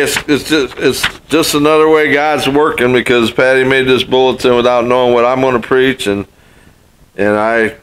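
Older pastor with a folksy preaching style. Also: male voice, mid-range voice, clean tone, poor audio. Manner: folksy storytelling, repeats phrases for emphasis. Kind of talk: sermon.

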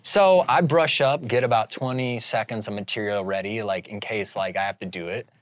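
A man's voice: on the low side, moderate pace, no echo. Casual storytelling man in a dry room. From Indiana, USA. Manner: animated storyteller, heavy use of "like". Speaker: interview guest, filmmaker.

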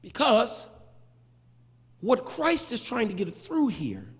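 A male pastor preaching a sermon, building into shouted, sing-song cadences with touches of humor. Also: high-pitched, slightly rough. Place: large church sanctuary. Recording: long church reverb.

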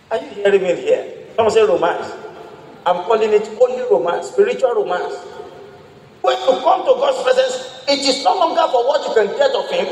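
A man's voice: very high voice, animated, normal speed, darkish tone. A man, a pastor preaching a sermon and calling out to the congregation for responses. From Nigeria. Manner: emphatic preaching with call-and-response. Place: large church hall. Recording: echoey church hall, mic at a distance.

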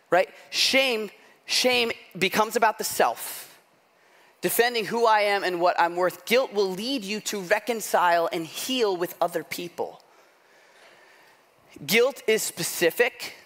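A man's voice: sits high, expressive, slow pace, fairly bright tone. A middle-aged man preaching a sermon, telling a self-deprecating story in a loose conversational way, often asking "right?". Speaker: pastor.

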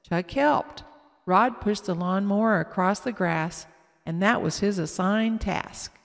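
Woman reading a kids story aloud, careful and slow, raspy fry, long reverb. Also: medium pitch.

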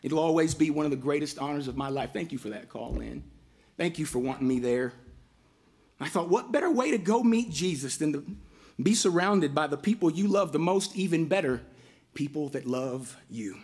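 Guy pastor doing a eulogy, heartfelt storytelling, slightly higher voice. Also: normal speed. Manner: heartfelt, storytelling, breaks into lively voiced quotes. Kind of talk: memorial eulogy.

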